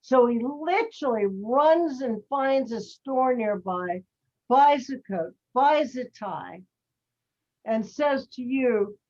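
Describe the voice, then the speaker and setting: A woman's voice: fairly high pitch, animated, a little mellow, lo-fi sound. A woman acting teacher giving direct, explanatory notes to her students over a video call. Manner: direct, explanatory, slow-paced.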